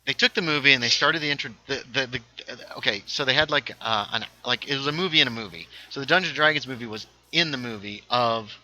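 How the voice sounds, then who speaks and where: Male streamer from North Carolina, young adult, very bright tone, rambling and self-interrupting, casual gaming chat. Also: mid-range voice, quick pace, few pauses, poor audio. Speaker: livestream host.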